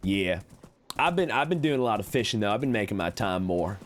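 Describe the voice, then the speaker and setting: A man streaming a game in character as a chatty cowboy con man, reading chat with folksy talk and sudden high excited jumps. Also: fairly quick, a little hiss or hum.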